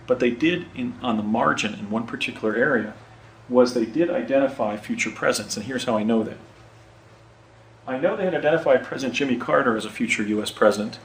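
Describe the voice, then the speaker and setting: A man in his fifties telling a personal story in casual speech, halting and often repeating words. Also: mid-range voice, fairly bright tone, rough recording.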